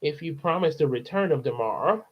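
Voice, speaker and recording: A man voicing a proud, eager young boy in a storybook reading, stammering with excitement. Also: a little high, brisk, husky, dull audio. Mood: matter-of-fact.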